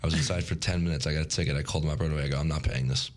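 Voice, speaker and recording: A man's voice: very deep voice, fairly even intonation, racing. A young man co-hosting a college radio show, telling stories as a sarcastic rant. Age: young adult. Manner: ranting storyteller, sarcastic. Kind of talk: casual morning radio chat.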